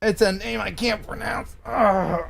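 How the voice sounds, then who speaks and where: A man's voice: sits high, a little slow, creaky, fairly bright tone, slight background noise. A man from the USA hosting a live stream in casual chat, playful and joking, laughing often.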